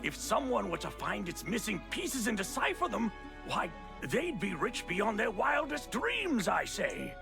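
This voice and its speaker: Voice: mid-range voice, sing-song, a little slow, gravelly. A man voicing a pompous crab historian in a game, talking in grand exclamations. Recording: game audio with music behind.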